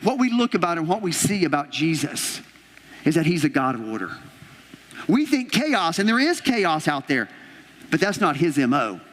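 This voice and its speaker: A man preaching a sermon, telling a Bible story in a lively way and acting out what the characters say. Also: a little high, normal speed, long reverb tail, slight background noise. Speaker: pastor. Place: church auditorium.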